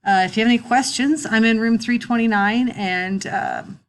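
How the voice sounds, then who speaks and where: A middle-aged woman teacher, recording a relaxed, chatty screen tutorial with wry asides, talking into a computer mic. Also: a little high, normal speed.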